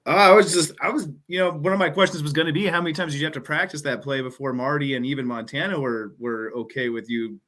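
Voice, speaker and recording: A man's voice: a little high, fast talker, few pauses, fairly bright tone. A man co-hosting a fan show, asking laid-back, somewhat hesitant questions. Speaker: co-host. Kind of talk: casual interview.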